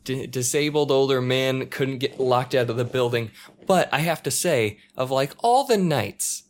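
With a moderate pace and a little hiss or hum in the background, a man in a multi-story apartment building chats casually, telling an energetic anecdote. His pitch sits mid-range, and he dives into the quoted voices, swinging from shouts down to mutters.

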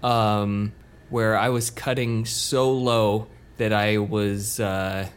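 A man's voice: on the low side, little pitch movement, takes it slowly, smooth. Rambling casual male podcast host. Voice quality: swears casually. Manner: rambling storyteller, many fillers and self-mocking asides.

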